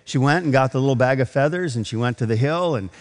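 A man's voice: mid-range voice, quick pace, big-room sound. A man preaching a sermon, telling a story with acted quotes and building to emphatic points. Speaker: pastor.

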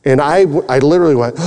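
A man's voice: mid-range voice, dark tone. A man preaching, earnestly and emotionally telling a personal testimony. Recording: long reverb in a large hall.

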